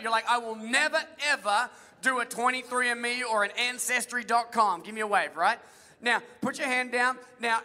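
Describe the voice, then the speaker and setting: A male pastor preaching a humorous, energetic sermon and quizzing the congregation. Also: very high voice. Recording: echoey hall reverb.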